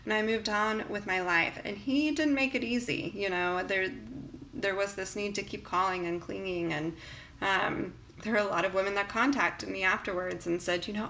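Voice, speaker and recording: A woman talking earnestly and reflectively in a personal vlog, with many pauses and fillers. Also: medium pitch, creaky, sharp tone, a little hiss or hum. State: emotional near the end. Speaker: vlogger.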